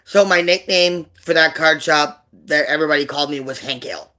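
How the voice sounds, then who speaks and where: A livestream host tells a personal story in a rambling, halting way packed with fillers, subdued and emotional as he revisits painful memories. His voice is on the high side, bright and forceful.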